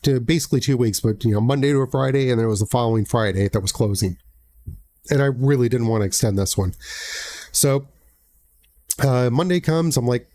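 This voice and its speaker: American man, live-stream host, blunt, salty language, lots of restarts, everyday middle pitch. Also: warm tone. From United States. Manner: blunt, profane storytelling with many restarts. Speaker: realtor hosting a live Q&A. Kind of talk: casual livestream talk.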